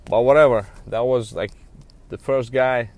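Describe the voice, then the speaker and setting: A man's voice: mid-range voice, fairly even intonation, a little slow, a little mellow. A man who works as a used car dealer, telling a story in a casual, rambling way with lots of fillers and a frustrated edge. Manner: rambling, frustrated, many "you know" fillers.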